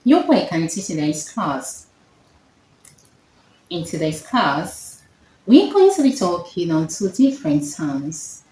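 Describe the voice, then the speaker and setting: A woman tutoring phonics one-on-one, speaking slowly and repeating herself to check that her student follows. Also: fairly low pitch, very animated, a little mellow. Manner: slow, repetitive teacher checking understanding. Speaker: phonetics tutor. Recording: echoey room with faint noise.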